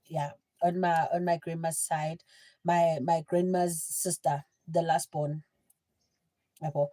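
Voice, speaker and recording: A young woman with a South African accent, telling a story in a chatty, animated livestream style. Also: low-pitched, slow pace. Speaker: livestream host. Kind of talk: casual storytelling.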